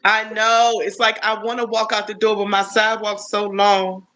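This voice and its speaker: A woman's voice: mid-range voice, little pitch movement, moderate pace, a bit bright, rough recording. A woman in her fifties chatting casually on a live stream, rambling through stories with lots of restarts. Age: 50s.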